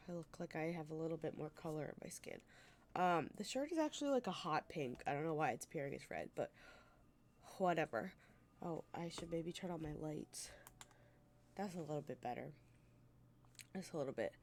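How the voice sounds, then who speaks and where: A woman's voice: lowish voice, darkish tone. A woman game streamer with a stuffy, congested nose from a sinus infection, chatting casually and profanely with her viewers on a desk mic at home.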